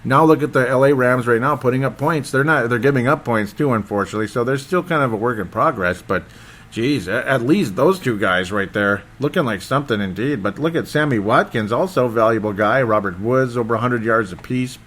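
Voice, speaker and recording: Rambling, excitable football podcast man. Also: medium pitch, fairly quick. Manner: rambling, excitable, loses his train of thought. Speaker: sports podcast host. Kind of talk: casual football recap.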